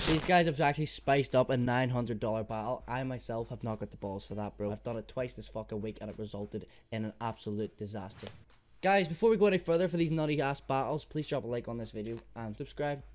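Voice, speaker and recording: A young man hosting an excited gaming commentary, swearing freely and swinging between pleading and loud shouts. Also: medium pitch, a little fast. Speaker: host.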